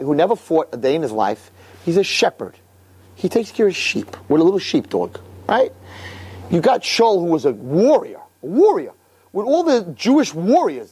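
A man teaching a religious lesson as a lively, colloquial story, mixing in Hebrew and Yiddish terms. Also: high-pitched, breathy edge. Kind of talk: animated Bible storytelling lesson.

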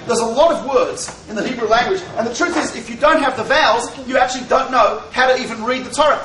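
A man's voice: very high-pitched, fairly bright tone, slight background noise. A man teaching the Torah to a live audience, joking and asking rhetorical questions. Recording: echoey hall, voice from far off.

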